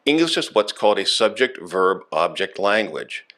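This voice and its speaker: A man delivering a scripted radio lecture in a measured, emphatic way, stressing key words. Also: low-pitched, sing-song, fairly bright tone.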